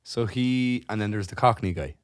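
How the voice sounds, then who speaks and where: A lowish-voiced man, chatting casually as a podcast co-host. He gets animated and swears his way through a funny story. The recording is dry and close, with no room sound. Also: moderate pace, no room sound. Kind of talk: casual chat.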